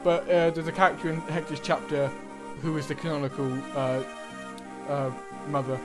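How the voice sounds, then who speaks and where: A man's voice: fairly high pitch, fairly even intonation, normal speed, over music. Chatty man doing game commentary. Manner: offhand, chatty asides. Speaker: video game player narrating. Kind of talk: casual let's-play commentary.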